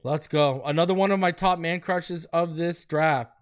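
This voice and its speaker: A man hosts a live draft reaction stream with a high, smooth, clear voice. He talks excitedly and repeats his cheers, hyping every pick as it comes in. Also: moderate pace. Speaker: host of a sports fan channel.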